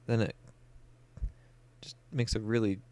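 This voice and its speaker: This relaxed screen-recorded tutorial features a young man demonstrating photo editing software step by step. He explains things simply in a fairly low voice with gravelly fry, and his pauses fill up with frequent "uh"s and "um"s.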